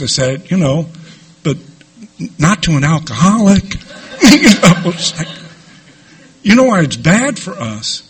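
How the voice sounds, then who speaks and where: A middle-aged man telling his own recovery story to a group, candid and lively, with asides to the listeners. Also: sits high, a little slow, pauses often, slightly rough. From New York. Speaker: recovery speaker. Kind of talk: personal recovery talk to a group.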